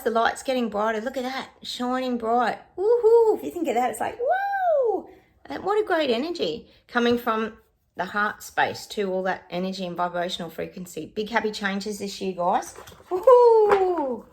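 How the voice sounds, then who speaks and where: Lively chatty woman reading oracle cards. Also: a little high. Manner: chatty, exclamatory, talks straight to viewers as "guys". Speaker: psychic doing oracle card readings. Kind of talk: casual chat to viewers with card pulls.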